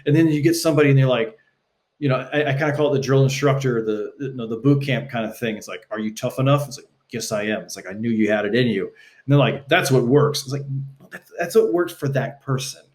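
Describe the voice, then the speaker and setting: Young man from Texas, podcast guest; loose, animated delivery with playful acted-out quotes. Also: medium pitch, quick pace. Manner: animated, acts out quoted dialogue, swears casually. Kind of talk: casual conversational interview.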